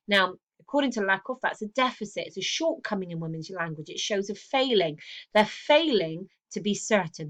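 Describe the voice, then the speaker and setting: Woman, mid-pitched, English teacher talking students through revision notes, explanatory, lots of "okay". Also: a bit bright. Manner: explanatory, checks in with frequent "okay" and "um". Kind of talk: recorded revision lesson.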